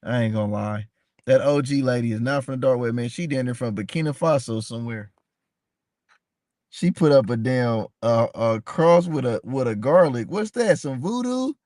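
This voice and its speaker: A man's voice: medium pitch, moderate pace, darkish tone, dry recording. Dry-voiced male streamer chatting. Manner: addresses the chat by name, repeats himself, passionate. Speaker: live stream host. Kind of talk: casual live-stream chat.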